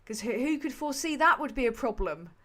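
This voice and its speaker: A woman's voice: fairly high pitch, expressive, brisk, bright, forceful tone. A woman hosting a livestream, chatting casually about politics in a sweary, rambling, sardonic way full of fillers. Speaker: livestream host.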